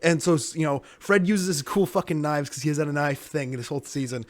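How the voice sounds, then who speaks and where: A young man co-hosting a casual podcast chat, excitable and swearing freely as he pitches story ideas and acts out scenes. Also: brisk. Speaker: podcast co-host.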